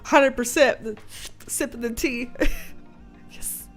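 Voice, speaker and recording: A woman hosting a casual livestream at home, chatting and reading out viewer comments with frequent laughter and a playful, animated manner. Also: a little high, takes it slowly, faint music behind. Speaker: livestream host.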